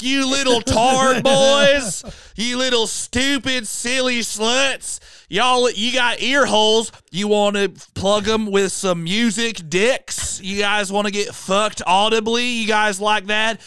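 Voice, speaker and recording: A man putting on a crude, hyped-up country announcer with a mock Southern American twang and a loud, brash sales-pitch delivery. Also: slow, smooth, no echo, heavily acted. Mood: brash hype. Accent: put-on American Southern country.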